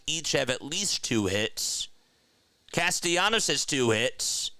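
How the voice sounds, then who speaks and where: A young man calling a live baseball game play by play for his stream and chatting with viewers between pitches. He jumps up in pitch and volume on big plays and drops low and calm when reading comments. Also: slow pace, clear, resonant tone, no room sound, studio quality. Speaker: play-by-play host of an online stream.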